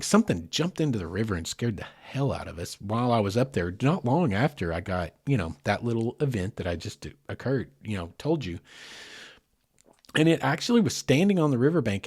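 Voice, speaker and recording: A man's voice: mid-range voice, a little mellow, slightly rough, no room sound, clean studio sound. A middle-aged man hosting a podcast, telling a story casually and with animation, speaking directly to his listeners. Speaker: podcast host.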